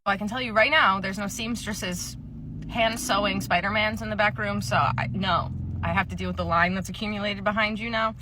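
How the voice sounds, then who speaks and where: Young female comic storyteller, bright tone, dry sarcastic delivery. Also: mid-range voice, fairly quick, slight background noise. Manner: deadpan, sarcastic. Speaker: comedy creator, former store cashier. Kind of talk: comedic storytime skit.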